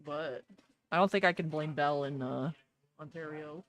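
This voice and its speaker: A woman's voice: low voice, unhurried. A woman hosting a card-opening livestream, chatting casually, greeting viewers by name and joking with chat. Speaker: livestream host opening trading card packs.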